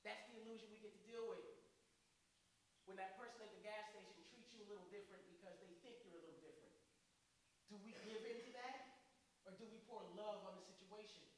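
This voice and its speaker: A man giving a sermon as a guest speaker in a church, telling stories in an animated way. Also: high voice, fairly quick. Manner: animated storytelling preacher. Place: church sanctuary. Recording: very echoey hall with faint hiss.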